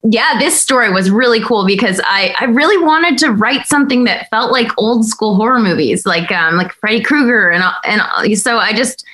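Bright-voiced woman podcast host. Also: on the high side, normal speed, hardly any pauses. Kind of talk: casual chat.

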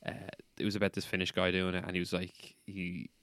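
A man's voice: deep voice, completely flat delivery, fast, a bit bright, dry recording. A young Irish man co-hosting a podcast, chatting in a laid-back, rambling way with some swearing. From Ireland. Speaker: podcast co-host. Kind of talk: casual chat.

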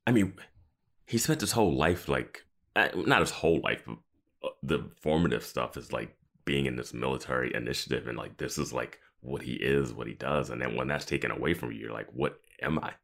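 A man's voice: very deep voice, brisk, gravelly, a bit bright. A man co-hosting a podcast, analyzing a show in loose, reflective chat. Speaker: podcast co-host.

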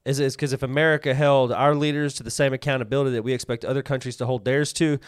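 A man's voice: medium pitch, fairly even intonation, fast talker, smooth, dry recording, clean studio sound. A man co-hosting a casual chat, chiming in with trivia and agreement. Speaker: podcast co-host.

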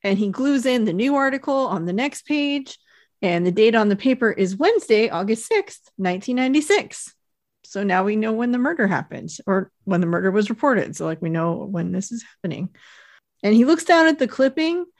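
A woman co-hosting a podcast, narrating a TV episode's plot step by step in a relaxed way. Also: medium pitch, normal speed. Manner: steady, detailed plot narration. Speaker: podcast co-host. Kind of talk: casual recap chat.

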